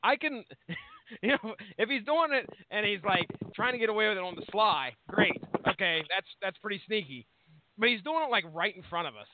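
Thirties male co-host, high voice, rambling and profane, tinny dry line. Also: lively intonation, moderate pace, noisy background. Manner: rambling, swears freely. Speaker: podcast co-host. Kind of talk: casual profane chat.

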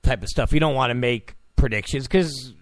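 A man's voice: medium pitch, moderate pace. A man hosting a talk radio show in a rambling, mocking commentary style. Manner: rambling, mocking, chuckling asides. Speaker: radio host.

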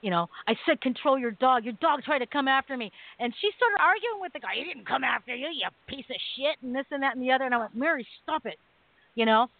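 A woman co-hosting a talk radio show, telling a story in a casual, animated way and acting out the people in it. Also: high voice, quick pace, no echo. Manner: animated storytelling, acts out quoted voices. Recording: dry phone-line audio.

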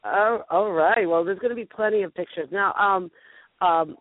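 A woman's voice: mid-range voice, moderate pace, a little hiss or hum. Boston lady hosting a call-in show, chatty, teasing, sounds like a phone call. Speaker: radio show host. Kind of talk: casual call-in interview. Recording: tinny phone line.

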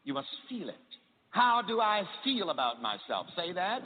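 A man's voice: sits high, big pitch swings, normal speed, big-room sound, phone-quality sound, background noise. A man preaching a sermon in call-and-response style, having the congregation repeat his lines.

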